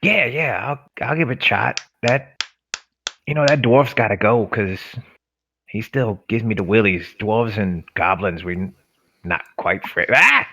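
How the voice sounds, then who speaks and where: A man's voice: lowish voice, measured pace, fairly bright tone, slight background noise. A man playing a tabletop game, bantering playfully in character. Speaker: player.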